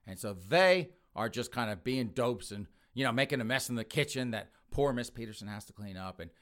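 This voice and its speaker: A podcast host telling a crude comic story in a brash, rambling way. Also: male voice, mid-range voice, expressive, brisk, fairly bright tone.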